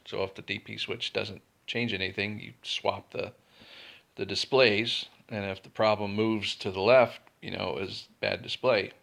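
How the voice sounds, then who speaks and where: A man's voice: fairly low pitch, fairly even intonation, unhurried, vocal fry, a bit bright. A man telling a story in a casual, blunt and profane way, with laughs between lines. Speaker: storyteller vlogger.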